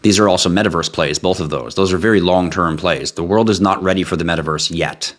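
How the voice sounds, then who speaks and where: A man's voice: low voice, fast talker. A man hosting a casual live stream, reading out viewer questions and answering them in a blunt, offhand, joking way.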